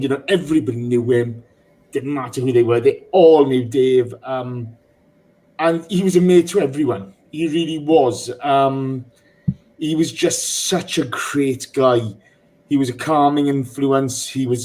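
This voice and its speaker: A man hosting a football podcast, speaking emotionally and haltingly with many pauses. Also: mid-range voice, a little mellow, low-quality recording. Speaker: podcast host. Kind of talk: casual football podcast chat.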